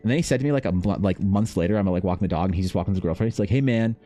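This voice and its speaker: A man's voice: deep voice, very fast, mellow. A young man streaming live, chatting casually with viewers, rambling, swearing freely, and calling everyone man or bro. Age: young adult. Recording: faint music behind.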